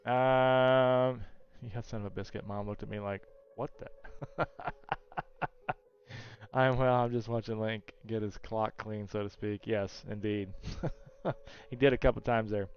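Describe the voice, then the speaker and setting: A man's voice: on the low side, fairly even intonation, unhurried, dull audio. A man streaming a retro game live, chatting with viewers, joking and muttering his moves under his breath. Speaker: gaming streamer. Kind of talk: live gameplay commentary.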